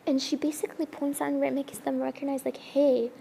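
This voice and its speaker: A woman's voice: high-pitched, flat delivery, fast, gravelly, mellow, slight background noise. A woman telling a religious story in an earnest, emotional way during a discussion, often restarting her sentences.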